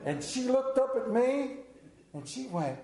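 High-voiced man preaching in an echoey room. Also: unhurried. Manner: lively, acts out quoted voices. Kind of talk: sermon storytelling.

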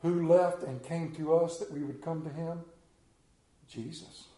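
Slow, dramatic man preaching in an echoey room. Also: fairly high pitch, steady tone. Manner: slow, dramatic delivery swinging from loud to hushed. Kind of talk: sermon. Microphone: camera.

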